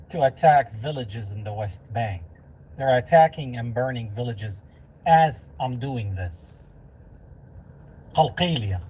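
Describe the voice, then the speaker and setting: A man's voice: mid-range voice, dark tone, husky, poor audio. A man hosting a reaction stream, talking over a clip in a mocking, sarcastic way.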